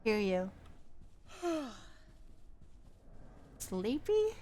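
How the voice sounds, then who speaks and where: A woman's voice: on the high side, very animated, extremely slow, dark tone. Playful woman streamer chatting. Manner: playful, chatty, talks to viewers. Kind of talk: casual game stream chat.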